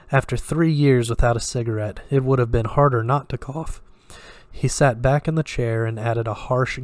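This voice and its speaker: A man reading a dark thriller story aloud in a steady, even storytelling manner. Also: mid-range voice, dry recording. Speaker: story reader. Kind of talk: audiobook-style story reading.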